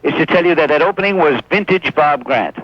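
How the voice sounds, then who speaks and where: A man calling a radio show by phone, ribbing the host in a dry, deadpan way. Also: a little high, brisk, no room sound, highs cut off. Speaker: caller, fellow radio host. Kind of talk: phone call-in banter. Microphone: telephone.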